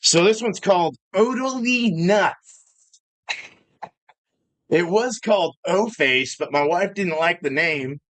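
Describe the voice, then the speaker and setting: A man chats loosely through a live home-brewing stream in a voice pitched a bit above the usual male range. He rambles from story to story and swears freely, breaking into laughs along the way. He talks from his own brewing space at home. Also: slow, pauses often, a bit bright. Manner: rambling, profane, laughs often. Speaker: homebrewing live-stream host. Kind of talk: casual live-stream chat. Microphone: streaming setup.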